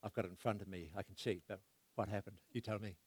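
A man preaching a sermon, swinging between loud bursts and hushed asides as he asks the congregation questions. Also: lowish voice, steady tone, fast talker, slightly rough, no echo.

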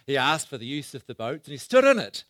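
A man preaching a sermon, swinging between loud bursts and hushed asides as he asks the congregation questions. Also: mid-range voice, big pitch swings, quick pace, no room sound, studio quality.

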